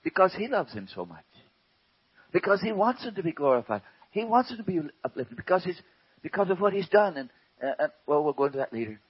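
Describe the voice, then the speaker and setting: A man preaching a sermon slowly and emphatically. He asks rhetorical questions and often drops to a hush. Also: high voice, very animated, husky. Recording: dull lo-fi recording.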